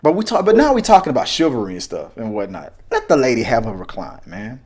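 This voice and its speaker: A man's voice: medium pitch, quick pace, few pauses, slightly rough. A man in his forties giving a casual opinion rant as a reaction video host, full of slang and mocking put-on voices. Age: 40s. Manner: animated, mocking voices in quotes, frequent repeats and slang.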